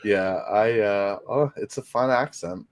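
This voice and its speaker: A man's voice: lowish voice, unhurried, no room sound. A man co-hosting a casual livestream show, chatting in an upbeat way. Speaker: co-host.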